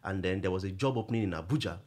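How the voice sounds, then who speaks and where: A middle-aged man, a guest in a podcast interview, telling stories in an animated way and laughing often. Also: low voice, rapid-fire. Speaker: guest, nonprofit executive director.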